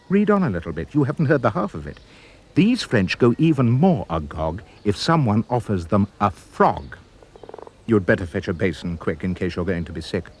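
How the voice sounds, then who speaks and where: A man narrating a rhyming storybook in a playful, expressive way. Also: lowish voice, slightly rough. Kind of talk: storybook reading in rhyme.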